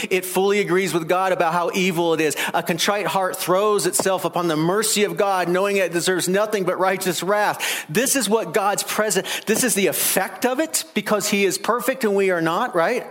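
A man preaching a sermon, animated, rising loud and high to make his points. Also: normal speed, hardly any pauses.

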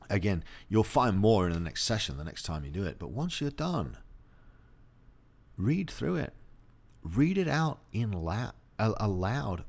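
A middle-aged man hosting a motivational monologue, blunt and profane, speaking openly about personal grief. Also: fairly low pitch. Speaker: host.

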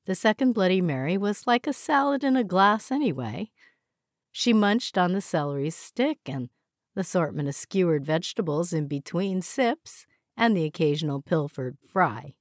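A woman with a fairly low voice narrates an audiobook in a measured, even manner. It's scripted narration recorded at studio quality with no room sound.

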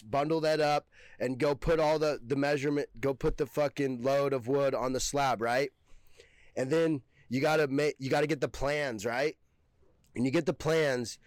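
A man's voice: medium pitch, dry recording. A young man telling stories casually as a podcast guest, rambling with heavy slang and swearing. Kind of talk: casual storytelling.

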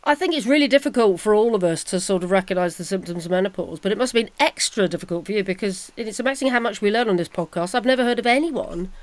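A woman's voice: mid-range voice, quick pace, hardly any pauses, no room sound. A woman co-hosting a podcast, speaking in a sympathetic way. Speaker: podcast co-host. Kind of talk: casual chat.

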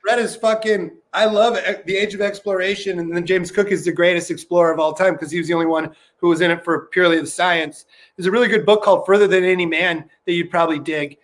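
A man with a high voice talks in a loose, rambling way, swearing freely and padding his stories with "like" and "uh". He sounds like a guest on a casual podcast chat. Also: steady tone, fast, fairly bright tone. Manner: rambling, profane storytelling with lots of fillers.

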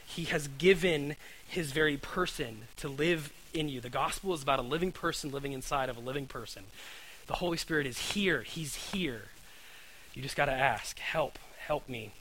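Bright-voiced man preaching conversationally. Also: on the high side, moderate pace, slight background noise, poor audio. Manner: earnest, repeats words, asks "right?" often. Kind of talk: conversational sermon.

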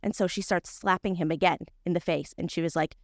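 A woman's voice: on the low side, fairly even intonation, fairly quick, no room sound, studio quality. A woman co-hosting a podcast, telling a story in casual chat with lots of fillers and restarts. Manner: chatty, many fillers and restarts. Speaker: podcast co-host.

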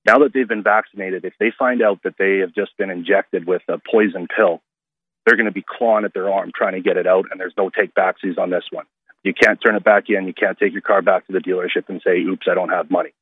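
A male radio caller talking in an earnest, halting way with many restarts, heard over a phone line. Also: sits low, fairly even intonation, husky. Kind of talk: call-in radio talk.

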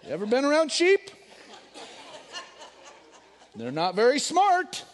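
A middle-aged man preaching a sermon, animated, swinging between loud emphasis and hushed storytelling. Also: extremely high pitch, slow pace. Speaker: pastor.

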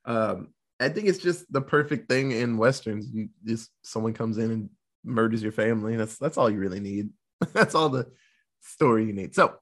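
Male co-host, casual film recap, expressive and husky, slips into character voices. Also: on the low side. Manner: animated storytelling, quick voice switches for characters, laughs often. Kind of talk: casual movie recap chat.

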